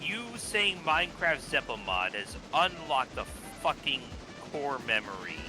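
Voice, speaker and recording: A man chatting on a game stream, excitable and quick to laugh. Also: mid-range voice, music in the background, poor audio. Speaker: stream co-player. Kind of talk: casual game-stream chat.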